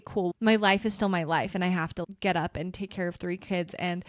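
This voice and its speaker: A woman's voice: lowish voice, no room sound. Candid mother of three, dry sound. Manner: open, emotional, self-deprecating. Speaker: podcast co-host. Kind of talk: candid casual chat.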